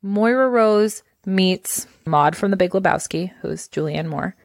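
A woman in a casual podcast chat, recapping scenes and quickly acting out the characters' lines. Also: fairly low pitch, no room sound, clean studio sound. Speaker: podcast co-host.

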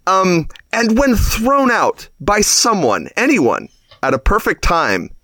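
Lively, teasing man on a dry mic. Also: high voice, takes it slowly, dry recording. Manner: playful, teasing storyteller. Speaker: podcast co-host. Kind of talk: casual chat.

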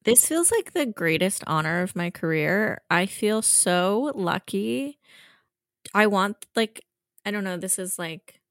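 A woman's voice: medium pitch, no room sound, studio quality. A woman author talking earnestly and with feeling about her book in an interview, with frequent restarts. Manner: earnest, heartfelt, fast with restarts. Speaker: author guest. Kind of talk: emotional conversational interview.

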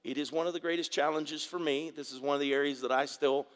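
A man's voice: on the high side, fairly even intonation, quick pace, big-room sound. A middle-aged man preaching a sermon in a conversational way, with asides and questions to the congregation. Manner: conversational preaching with asides and audience call-outs. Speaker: pastor.

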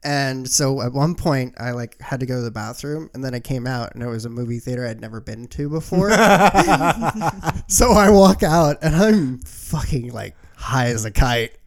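A man's voice: medium pitch, lively intonation, moderate pace. A young man co-hosting a podcast, telling rambling stories with frequent laughs and casual swearing. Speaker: podcast co-host. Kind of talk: casual chat.

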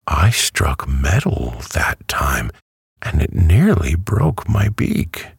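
A man voicing a brisk, self-assured talking hen, with a cackling manner and a raised, husky voice in a storybook reading. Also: rumbling low, huge pitch swings, no echo, clean studio sound, voice pushed up, heavily acted. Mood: triumphant. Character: chatty, matter-of-fact talking yellow hen, female.

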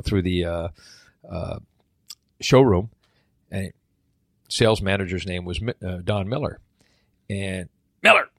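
A middle-aged man telling a story in a casual chat, animated and acting out the voices of the people in it. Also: deep voice, no echo, clean studio sound. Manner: animated, acts out quoted voices. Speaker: guest.

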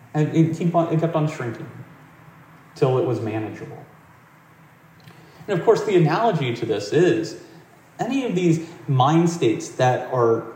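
A man speaks in a gentle, reflective, conversational way as he gives a meditation talk. His voice carries around a large echoing room, picked up from a distance with a faint ambience underneath. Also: mid-range voice, a little hiss or hum. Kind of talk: dharma talk with storytelling. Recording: roomy hall, distant mic.

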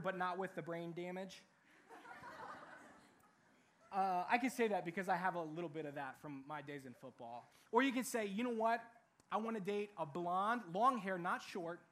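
A young man preaching a sermon in a lively, animated way, acting out what people say. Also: high-pitched. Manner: animated, acts out quoted voices. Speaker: youth pastor.

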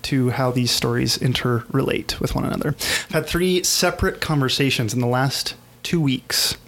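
A man's voice: mid-range voice, normal speed, vocal fry, a bit bright. Man co-hosting a casual podcast. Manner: joking, loose and conversational. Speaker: podcast co-host.

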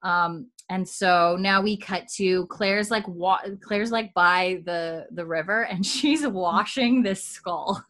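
A woman's voice: lowish voice, slow pace, a bit bright. Chatty woman recapping a show. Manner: retells scenes with quoted lines, chatty and giggly. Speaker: podcast co-host. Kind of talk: casual recap chat.

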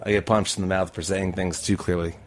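A man's voice: low voice, little pitch movement, brisk, heavy background noise. A man who coaches speech and debate, talking casually on a radio show with lots of fillers. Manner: rambling with many fillers.

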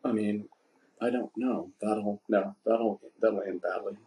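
An American man hosting a podcast, brash, excitable and swearing constantly. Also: lowish voice, a little slow, slight background noise. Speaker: podcast host. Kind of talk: casual podcast chat. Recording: roomy room echo.

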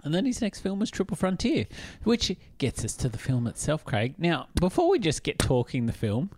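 A man hosting a podcast, chatting casually, enthusiastic, with quick affirmations as he steers the talk. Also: on the high side, wildly swooping pitch, a little mellow, no echo, studio quality. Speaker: podcast host. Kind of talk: casual chat.

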